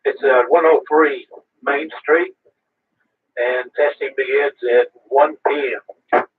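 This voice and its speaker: Husky man heard over a radio. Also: mid-range voice, steady tone, takes it slowly. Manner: brief, uses radio procedure words. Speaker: radio net participant making an announcement. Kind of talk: radio transmission check-in. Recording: phone-like radio transmission.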